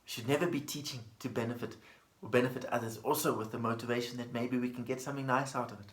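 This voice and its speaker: Buddhist teacher guy, gentle teaching talk, storytelling, kinda echoey room. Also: mid-range voice, steady tone, quick pace. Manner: gentle, storytelling with plain repetition. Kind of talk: dharma talk.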